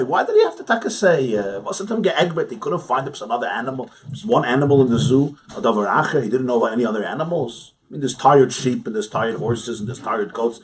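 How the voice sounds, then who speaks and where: Male rabbi, mid pitch, teaching a class in a study hall; conversational, poses rhetorical questions, laughs lightly. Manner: conversational, asks rhetorical questions, chuckles often. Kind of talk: informal study-hall lecture.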